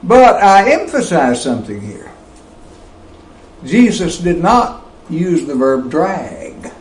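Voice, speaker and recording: A man preaching a sermon, slow and emphatic, with wide swings of pitch and loudness. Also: very animated, reverberant, low-quality recording.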